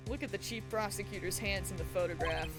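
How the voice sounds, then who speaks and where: A woman's voice: mid-range voice, fast talker, voice pushed down, natural voice. A woman voicing a cold, haughty young male prosecutor from a video game, reading his lines stiffly and condescendingly. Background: game music.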